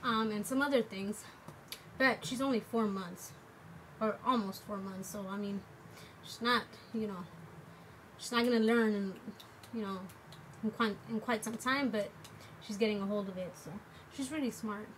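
A woman's voice: medium pitch, moderate pace, pauses often. A woman casually walking through a makeup tutorial at home, rambling with lots of fillers. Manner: relaxed, rambling, with many fillers. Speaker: makeup vlogger. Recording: noticeable background noise.

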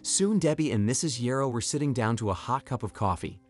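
A man narrates a storytime video in an even, clear delivery, his pitch moving up and down with life. Faint music runs underneath the whole read. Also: fairly quick.

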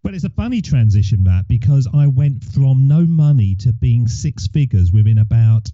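A man guest on a podcast, telling animated stories in casual chat and acting out quotes. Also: medium pitch, moderate pace, no echo. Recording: dull lo-fi sound.

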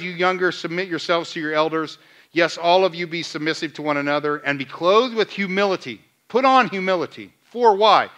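Man, pastor, sermon, high voice, bright tone, questions to the church. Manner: preaching with questions to the congregation and retold dialogue. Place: church sanctuary.

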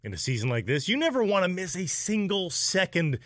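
A man's voice: high-pitched, sing-song, fairly quick, a bit bright, no echo. Upbeat male radio co-host, dry mic. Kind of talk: sports radio chat and live read ad.

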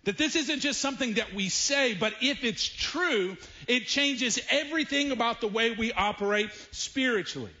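A pastor with a Southern US accent preaching a sermon in a church, speaking emphatically and slowing down to stress key phrases. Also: male voice, very high-pitched, lively intonation, pushed and bright, lo-fi sound. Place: church sanctuary.

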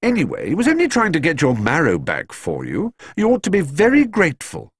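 A man voicing a kind middle-aged mother who reasons gently with her husband in a storybook reading. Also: on the high side, huge pitch swings, fairly quick, breathy edge, no echo, clean studio sound, voice pushed up, full character voice. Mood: reasoning.

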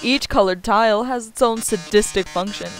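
A woman's voice: mid-range voice, moderate pace, faint music behind, close to an everyday voice, rough recording. Woman hamming up Mettaton, a gloating robot star. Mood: hammy gloating. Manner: melodramatic, hammy, cackling.

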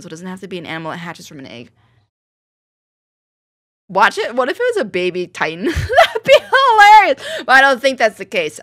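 A woman's voice: lowish voice, pushed and bright. A young woman hosting a reaction video, chatting casually and breaking into shrieks and laughs.

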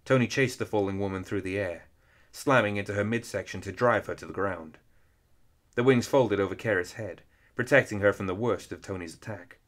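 A man reading an action story aloud in steady, measured narration. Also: on the low side. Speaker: audiobook reader. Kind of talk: scripted narration.

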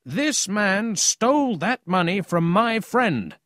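A man's voice: sits high, sing-song, slow, a bit bright, no echo, studio quality, pitched above the performer's own voice, exaggerated voice. A man voicing a bold young boy who accuses a thief in a raised voice. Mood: accusing.

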